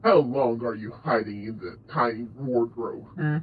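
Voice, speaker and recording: A man's voice: medium pitch, unhurried, slightly rough, pitched below the performer's own voice. A man voicing a big, menacing foreign officer with a put-on accent and broken grammar, on a dull lo-fi mic. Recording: dull lo-fi mic with faint room noise.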